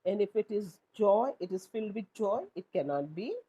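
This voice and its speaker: A woman, teaching a class and explaining slowly with rhetorical questions. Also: medium pitch, lively intonation, husky, highs cut off. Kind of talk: classroom lesson.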